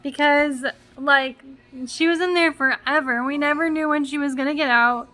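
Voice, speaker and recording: A young vlogger mom talks casually to the camera, rambling with plenty of fillers and sounding emotional, almost in tears. Her voice sits high, steady and sharp, at a moderate pace.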